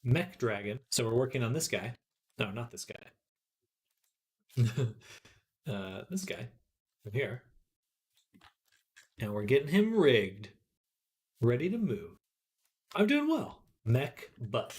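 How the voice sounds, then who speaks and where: Easygoing man with lively, swooping pitch. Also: takes it slowly, pauses often. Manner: relaxed, chuckling, reads chat aloud. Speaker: 3D artist streaming avatar work. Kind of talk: casual livestream chat while working.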